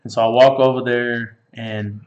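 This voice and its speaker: A man's voice: medium pitch, flat delivery, normal speed, darkish tone. A man in his thirties hosting, telling a joking, profane story. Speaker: podcast host. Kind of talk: casual storytelling chat. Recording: echoey room, dull lo-fi sound.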